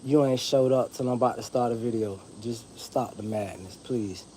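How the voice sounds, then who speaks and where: A vlogger from Broward County, Florida, with a Southern accent, talks to camera in a rambling, profane, laid-back monologue. His voice is medium-pitched with a dark tone, at normal speed. A little hiss or hum runs under the audio.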